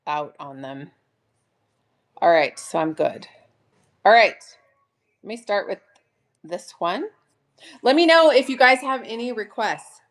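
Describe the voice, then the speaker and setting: A woman hosting a casual live sale from home, chatting warmly and gushing over each item. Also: mid-range voice. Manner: chatty, gushing, addresses viewers as "you guys". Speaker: online live-sale seller. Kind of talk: casual live-stream selling chat.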